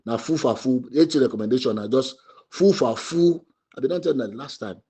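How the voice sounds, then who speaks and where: A man with a Sierra Leonean Krio English accent gives impassioned political commentary as a party spokesman, repeating his points and pushing his voice up into near shouts. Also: mid-range voice, expressive, fairly quick, husky. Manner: emphatic, repetitive, rising to shouts.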